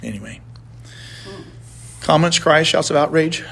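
A man's voice: on the high side, monotone, measured pace, vocal fry, a bit bright, a little hiss or hum. A middle-aged man leading a casual Bible study, earnest and heartfelt, often stumbling and repeating words as he talks.

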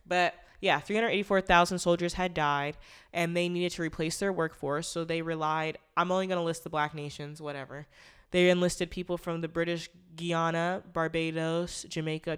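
A woman's voice: deep voice, a bit bright, clear, resonant tone. A young woman hosting a podcast, talking in a casual, rambling way, often correcting herself and speaking bluntly and irreverently. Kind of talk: casual commentary monologue.

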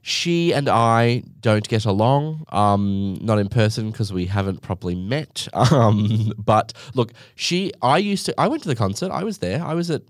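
Young Australian man, podcast host, lively sarcastic storyteller with a low voice and a dry, close sound. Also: a little slow, few pauses, no room sound. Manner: animated, sarcastic, acts out others in high mocking voices. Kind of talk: casual storytelling monologue.

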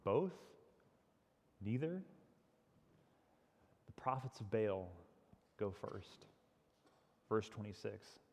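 Pastor preaching in a hall. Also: male voice, on the low side, expressive, very slow, pauses often. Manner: dramatic storytelling, swinging from loud to hushed. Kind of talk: sermon. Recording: long hall reverb.

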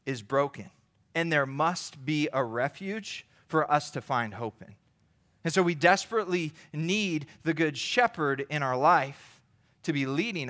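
A man's voice: fairly high pitch, a bit bright. A man preaching a sermon in an earnest, conversational way, building to emphatic rises.

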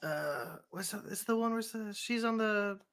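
A man co-hosting a podcast, speaking in a hesitant, halting way while chatting about films. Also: high-pitched, a bit bright. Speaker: podcast co-host. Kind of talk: casual movie chat.

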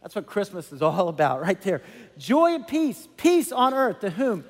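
A man delivers a sermon with a high voice, speaking to the congregation in a chatty, animated way. His words ring out with a long reverb, like a church sanctuary. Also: moderate pace. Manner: animated, conversational preaching with many asides. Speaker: pastor.

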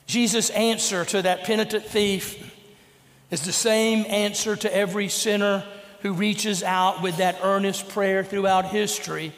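A man delivers a sermon in an earnest, emphatic manner. His voice sits high for a man. The sound rings with the long reverb of a church sanctuary. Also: fairly even intonation, moderate pace, fairly bright tone. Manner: earnest, emphatic preaching with dramatic acted quotes. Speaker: pastor.

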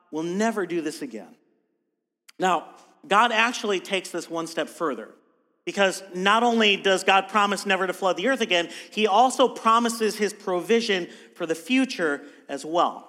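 A high-pitched man preaches a sermon, putting weight on key words and posing rhetorical questions. His voice carries a long reverb tail from the hall around him. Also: bright, forceful tone. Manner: emphatic, rhetorical questions, slows for stress. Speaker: pastor.

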